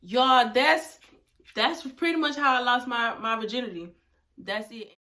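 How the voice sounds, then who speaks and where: Animated young woman telling a story. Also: fairly high pitch, measured pace. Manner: animated, talks straight to viewers, drops to hushed whispers for asides. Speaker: vlogger. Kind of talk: casual storytelling to camera.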